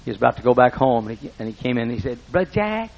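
A man's voice: medium pitch, little pitch movement, rapid-fire, creaky. A man preaching a sermon, telling folksy, humorous stories and often breaking off mid-sentence. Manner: folksy, humorous anecdotes with self-interruptions. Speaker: pastor. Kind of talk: storytelling sermon. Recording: dull lo-fi recording.

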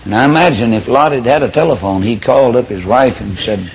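A man's voice: mid-range voice, a little fast, creaky, hardly any pauses, a little hiss or hum. A man preaching a sermon, telling the story in a folksy, fiery way. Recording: dull lo-fi recording.

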